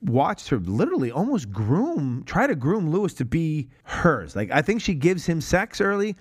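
A man hosting a podcast, talking casually and excitedly about a film, swearing freely and acting out lines from it. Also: a little high, moderate pace, slightly rough. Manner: excited, profane, acts out movie quotes. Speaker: podcast host.

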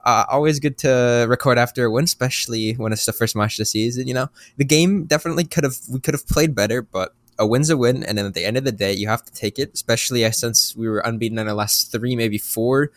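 A man's voice: mid-range voice, fast talker, few pauses, no room sound. A man co-hosting a casual sports podcast, rambling through his points with many repeats and fillers. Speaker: podcast co-host.

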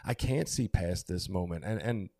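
Podcast co-host, middle-aged man, low gravelly voice, candid and tearful storytelling. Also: normal speed, darkish tone, dry recording, clean studio sound. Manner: candid, emotional storytelling with restarts. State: tearful, emotional. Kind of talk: casual chat.

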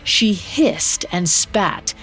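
A woman narrating a scripted story in a measured, steady reading. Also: on the low side, faint music behind.

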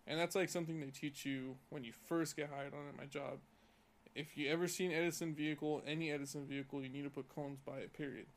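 A man's voice: on the high side, fairly even intonation, quick pace. A young man from California on a casual podcast, telling a profane, heated story about work. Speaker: podcast co-host.

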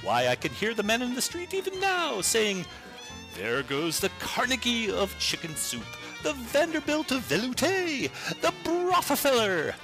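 A man's voice: extremely high pitch, huge pitch swings, a little slow, over music, full character voice, low-quality recording. A man voicing a pompous turn-of-the-century patent-medicine magnate in a florid, grandiose old-timey manner. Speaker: listener sending in a bit.

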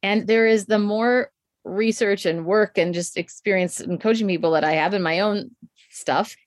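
A woman's voice: medium pitch, moderate pace, no room sound, studio quality. A middle-aged woman coach speaking in an interview, thoughtful and reflective, often breaking into laughter. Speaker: guest, communication coach. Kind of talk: conversational interview.

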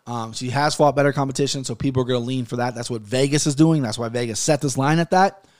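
A man's voice: mid-range voice, fast talker, darkish tone. A man in his thirties hosting a casual podcast, ranting with plenty of swearing and then giving fight betting picks. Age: 30s. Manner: heated, profane, rambling.

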